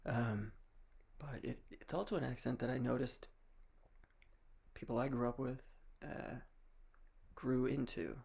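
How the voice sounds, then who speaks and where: Young man from Massachusetts, casual vlogger, rambling and wry, with a gravelly, husky voice. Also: mid-range voice, fairly even intonation, measured pace, pauses often. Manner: rambling, wry, with frequent restarts and soft laughs. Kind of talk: casual monologue.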